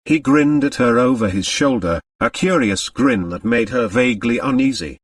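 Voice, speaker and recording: A man narrating an audiobook in a measured, expressive reading, recorded dry from off the mic. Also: mid-range voice, no room sound, far from the mic. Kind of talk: scripted narration.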